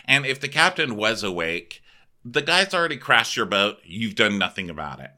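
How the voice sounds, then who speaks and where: A male podcast co-host riffing in a loose, profane, exasperated way. His voice is on the low side but very bright and edgy, and it swings widely in pitch as he mocks and vents. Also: very animated, moderate pace. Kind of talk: casual recap chat.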